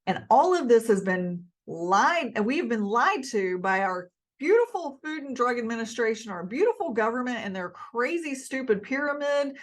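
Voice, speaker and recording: A middle-aged woman with a Southern accent, a health vlogger, chats to camera about food. Her voice is a little high and sing-song, and she talks at normal speed with few pauses. She's emphatic and repetitive, restarting and repeating herself.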